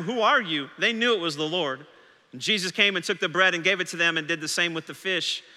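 High-voiced, bright preaching pastor. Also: male voice, long reverb tail. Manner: dramatic preaching, voicing doubting disciples' questions. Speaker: senior pastor. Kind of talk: sermon. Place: church sanctuary.

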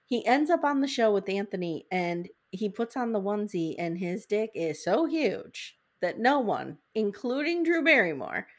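A woman's voice: mid-range voice, very animated, normal speed, hardly any pauses. A woman hosting a podcast, recapping a TV episode in a candid, jokey, chatty way. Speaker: podcast host. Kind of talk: casual recap chat.

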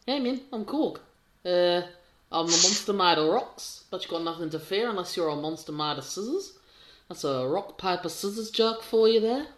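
A man's voice: sits high, animated, normal speed, reverberant, a little hiss or hum, pitched above the performer's own voice. A man doing a friendly New Zealand rock monster. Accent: New Zealand impression. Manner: easygoing, mild, punning. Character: gentle, friendly male rock monster, jokey.

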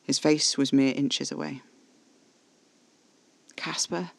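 A man's voice: mid-range voice, level tone, normal speed, gravelly, no room sound. A man giving tense, intimate first-person narration of a horror audio drama.

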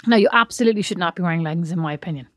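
A woman's voice: fairly low pitch, very fast, no echo, studio quality. A woman, co-hosting a podcast with blunt, teasing banter. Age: 40s. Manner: wry, teasing, blunt storyteller. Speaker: podcast co-host. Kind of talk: casual chat.

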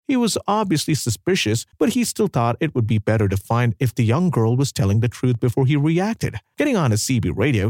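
A man narrating a scripted dramatic story with an expressive delivery. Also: mid-range voice, dry recording, clean studio sound.

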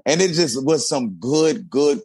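A man who is a reality dating show cast member, telling stories in an animated, casual way with lots of fillers. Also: fairly high pitch, measured pace, breathy edge, no echo. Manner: animated storytelling with many fillers. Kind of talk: casual interview chat.

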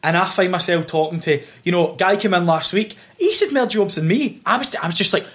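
A man in his twenties with a broad Glaswegian accent, hosting a podcast and talking very fast and animatedly, swearing casually. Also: high-pitched, expressive, a bit bright. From Scotland. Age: 20s. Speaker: podcast host, theatre school owner.

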